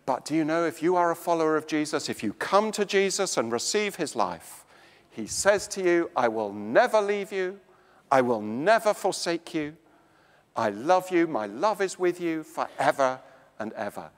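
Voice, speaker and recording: An English man preaching a slow, emphatic sermon in a church. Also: very animated, big-room sound. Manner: slow, emphatic preaching with dramatic swings of pitch and volume.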